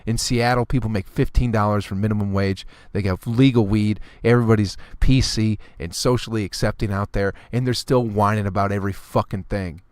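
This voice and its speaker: A man's voice: lowish voice, steady tone, fairly quick, few pauses, smooth, no room sound, studio quality. A man hosting a solo comedy podcast, ranting with constant profanity and exasperation, now and then mimicking people in a snooty clipped voice. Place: on tour, recording alone.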